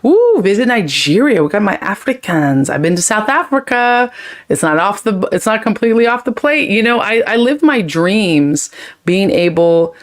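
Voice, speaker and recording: A woman hosting a casual livestream, reading viewer comments and giving bubbly shout-outs, sometimes jumping up into high squeals. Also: big pitch swings, normal speed. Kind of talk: casual live chat. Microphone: phone.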